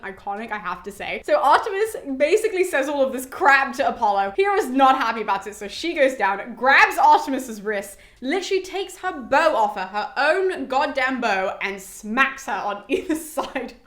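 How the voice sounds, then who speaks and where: A woman's voice: high voice, very animated, normal speed, few pauses, fairly bright tone. A young British woman casually retelling a classic poem as a podcast host, chatty and swearing freely. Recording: roomy echo.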